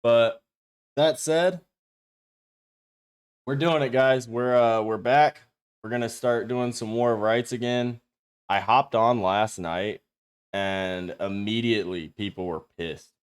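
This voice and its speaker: A man's voice: mid-range voice, steady tone, takes it slowly, pauses often, clear, resonant tone. A man streaming from a home setup, chatting casually and profanely with his viewers in a rambling way. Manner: profane, rambling, talks straight to chat.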